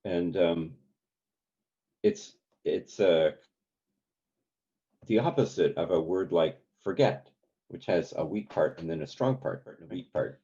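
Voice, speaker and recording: A man leading a community songwriting workshop, talking in a relaxed, halting way with many ums and sung examples. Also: low-pitched, breathy edge, lo-fi sound. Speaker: songwriting teacher.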